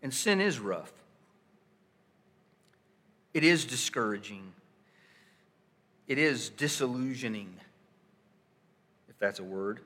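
A male pastor preaching a sermon, swinging from hushed softness to loud emphasis and posing rhetorical questions to his listeners. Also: medium pitch, animated, slow, pauses often, in a large hall. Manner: dramatic shifts between soft hushed lines and loud emphatic ones; asks the congregation rhetorical questions.

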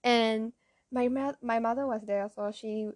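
A woman with a Malaysian English accent tells a story in a loose, chatty way, correcting herself and dropping slang along the way. Her voice sits a bit high. The recording is dry and close. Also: steady tone, a little slow, a little mellow, no echo. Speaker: vlogger. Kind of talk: casual storytelling.

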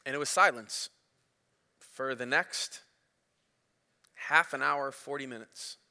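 A man in his thirties preaching a sermon as a pastor, telling a story in an animated way, his voice rising as it builds. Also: mid-range voice, takes it slowly, gravelly. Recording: reverberant hall.

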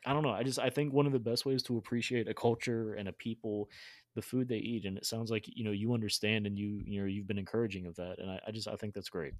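A man's voice: lowish voice, steady tone, fast talker, no echo. A man hosting a podcast in a friendly, casual way, often restarting his sentences. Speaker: podcast host. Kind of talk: casual chat.

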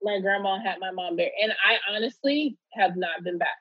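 A woman's voice: mid-range voice, normal speed, husky, no room sound, muffled recording. A woman guest in a casual interview, telling a personal story in a loose, candid way with many fillers and restarts.

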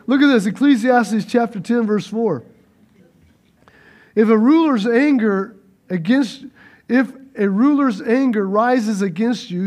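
A man preaching a sermon, swinging between loud urging and soft hushed lines, repeating phrases and calling out to the congregation. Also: extremely high pitch.

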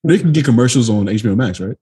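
A man co-hosting a podcast, firing back quick reactions and banter in casual chat. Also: medium pitch, expressive, dark tone, slightly rough. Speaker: podcast co-host.

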